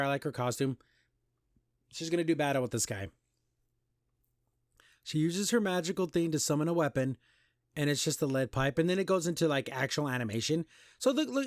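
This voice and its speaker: A man's voice: mid-range voice, no echo, studio quality. Opinionated man griping through a review. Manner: opinionated, exasperated, recapping scenes with mocking quoted voices. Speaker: podcast host reviewing an animation. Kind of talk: casual critical commentary.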